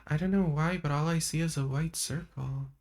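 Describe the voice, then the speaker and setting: A woman hosting a live stream in a soft-spoken ASMR chat style, talking in a meandering way and laughing often. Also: low voice, normal speed. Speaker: livestream host. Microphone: streaming microphone.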